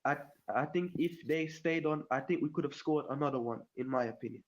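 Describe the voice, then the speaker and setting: A man's voice: fairly high pitch, fairly quick, muffled recording. A man giving blunt, enthusiastic football fan opinions on a call, repeating his praise words. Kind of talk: casual fan commentary.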